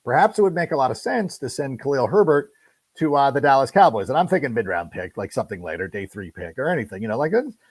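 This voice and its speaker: A middle-aged man riffs through a casual sports podcast monologue, his pitch bouncing lively from low to high. He tells stories with quick self-corrections. The sound is dry and close, with no room around it. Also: slightly rough, dry recording. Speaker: podcast host.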